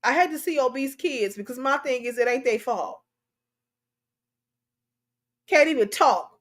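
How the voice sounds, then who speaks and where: A woman's voice: high-pitched, a bit bright. A middle-aged woman hosting a talk show, giving emotional commentary on a news story, preachy and impassioned and repeating herself.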